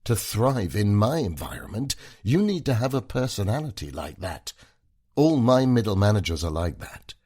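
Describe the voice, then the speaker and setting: A man voicing a tipsy, sharp-tongued corporate wife who mocks and taunts her husband in a slurred voice. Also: lowish voice, big pitch swings, normal speed, husky, pitched above the performer's own voice. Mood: lecturing.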